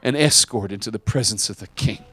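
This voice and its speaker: A man preaching a sermon as pastor, dramatic, swinging from quiet asides to shouted lines. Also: lowish voice, fairly quick, no echo.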